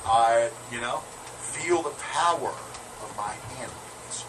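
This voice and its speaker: A man hosting a live radio show, bawdy and showy, jumping from loud announcements to low asides. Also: very animated, measured pace, music in the background. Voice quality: showy, bawdy, swings from shouting to mumbling. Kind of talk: brash live radio banter.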